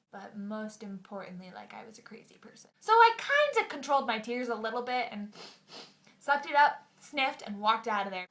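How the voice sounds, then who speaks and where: A young woman talks straight to her camera in a loose, chatty vlog. Her voice sits a little high and rings bright, and she pokes fun at herself as she goes. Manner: chatty and self-mocking. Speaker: vlogger. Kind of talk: casual vlog storytelling.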